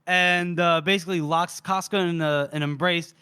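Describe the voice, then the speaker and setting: Podcast co-host, male, high bright voice, lively storyteller, dry close sound. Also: normal speed, clean tone, no room sound. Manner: animated retelling, acting out character lines, swearing. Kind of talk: casual book recap.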